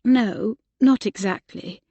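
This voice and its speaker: A woman's voice: fairly high pitch, slow, mellow, breathy edge, dry recording, dull audio, full character voice. A woman voicing a flustered young lady who apologizes and explains eagerly. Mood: apologetic.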